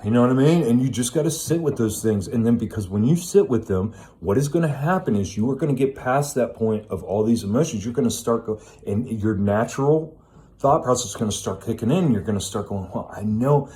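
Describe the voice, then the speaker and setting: A man's voice: medium pitch, lively intonation, fairly quick, warm tone. A middle-aged man speaking in a blunt, preachy self-help monologue, swearing often. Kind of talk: casual monologue.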